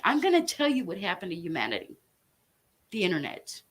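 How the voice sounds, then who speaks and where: A woman's voice: on the low side, wildly swooping pitch, fairly quick, husky. A woman delivering an angry, profane rant straight to her viewers, making threats and hammering her points with emphasis. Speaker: online commentator. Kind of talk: angry direct-to-camera rant.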